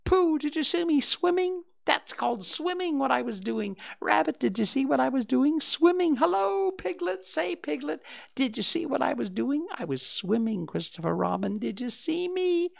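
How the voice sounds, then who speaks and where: A very high, squeaky little boy kangaroo who chirps out his boasts at full tilt and can't stop showing off. It's a storybook voice, bouncy and wildly lively, with a slight crackle in the tone. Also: normal speed, gravelly, exaggerated voice. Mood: boastful. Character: small excited young male kangaroo. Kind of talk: storybook reading.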